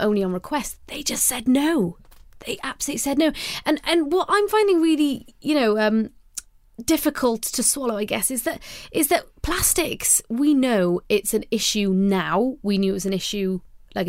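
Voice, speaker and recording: A woman's voice: fairly high pitch, no echo, studio quality. A young Welsh woman co-hosting a casual conversation, speaking earnestly and steadily with frequent ums. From Wales. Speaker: podcast co-host.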